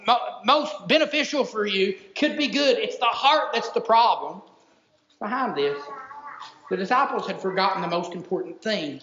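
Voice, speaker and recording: Male pastor, high voice, emphatic preaching, roomy dull lo-fi church recording. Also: a bit bright, slight background noise. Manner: emphatic, repeats words for stress. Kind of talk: sermon. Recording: roomy echo, dull lo-fi sound.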